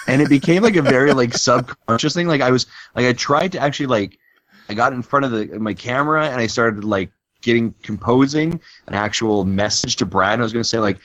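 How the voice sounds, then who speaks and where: A man from Canada tells a story with lots of laughs and jumps in pitch, casual as a co-host. The sound is dry and a little dull, lo-fi. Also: expressive, a little fast, a bit bright, no room sound. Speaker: podcast co-host. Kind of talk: casual chat.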